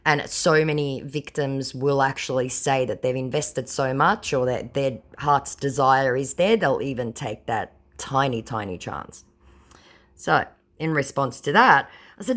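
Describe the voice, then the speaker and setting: A woman's voice: extremely low pitch, unhurried, fairly bright tone. An Australian woman who recounts chat messages aloud in a sarcastic, mocking way. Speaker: scambaiter and host.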